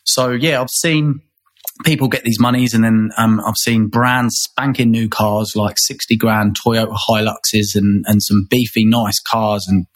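A man from England talks as an interview guest, his voice a little husky and breathy. He rambles, restarts and repeats words as his thoughts come together. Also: lowish voice, fairly even intonation, measured pace. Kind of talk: conversational interview.

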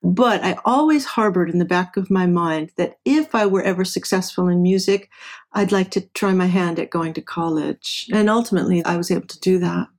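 An engineer and professor from Southern California, middle-aged, shares career anecdotes casually as an interview guest. Her pitch is fairly low, her tone darkish, and her speed normal.

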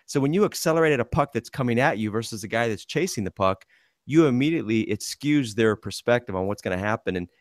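A man's voice: medium pitch, lively intonation, fast, no room sound, clean studio sound. A man hosting a casual sports podcast, telling rambling stories about playing goalie in a hockey league and laughing as he goes. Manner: rambling storyteller, laughs through his anecdotes.

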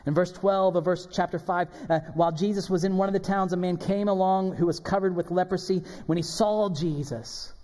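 High-voiced male pastor preaching in a reverberant hall. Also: a little fast, hardly any pauses. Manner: animated, emphatic preaching with dramatic quoted voices. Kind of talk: sermon.

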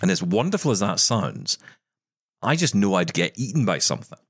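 A man's voice: fairly low pitch, very animated, fairly quick, slightly rough, no room sound, clean studio sound. A man co-hosting a podcast, chatting casually and telling stories with jokey asides. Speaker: podcast co-host. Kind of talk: casual chat.

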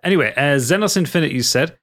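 A man's voice: a little high, animated, fast talker, a bit bright. A man with a Geordie accent, co-hosting a casual podcast, reading listener messages aloud and joking along the way. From North East England. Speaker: podcast co-host.

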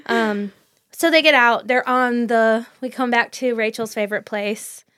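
A woman co-hosting a podcast in casual, animated book chat, laughing often as she talks. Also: fairly high pitch, measured pace, no room sound. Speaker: podcast co-host.

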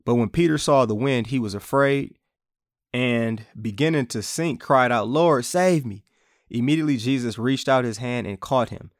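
A man leads an informal Bible teaching for his podcast, speaking in a relaxed, chatty way. His voice sits at a middle pitch. The recording is dry, with no room echo. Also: moderate pace. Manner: casual, conversational, acts out quotes playfully.

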